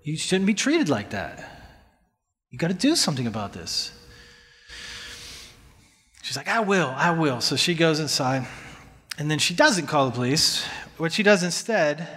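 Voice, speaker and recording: A man's voice: fairly high pitch, sing-song, a little slow, pauses often, pushed and bright. A man earnestly telling a personal story in a casual, conversational way, acting out what he and others said. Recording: long hall reverb.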